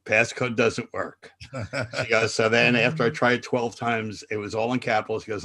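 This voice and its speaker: A man co-hosting a radio chat, telling a funny story with animated delivery and acting out the people in it. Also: lowish voice, moderate pace. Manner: animated, acts out voices in his stories. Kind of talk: comic storytelling.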